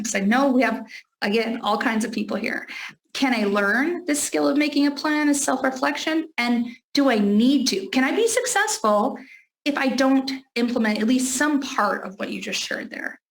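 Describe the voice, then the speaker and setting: A woman's voice: on the high side, low-quality recording. A woman hosting an interview, affirming her guest and asking follow-up questions. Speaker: interview host. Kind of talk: conversational interview.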